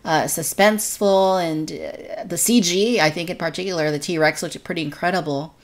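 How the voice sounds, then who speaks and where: A woman's voice: fairly low pitch, fairly even intonation, normal speed. A woman co-hosting a casual podcast discussion, reviewing in an earnest, detailed way. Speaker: podcast co-host.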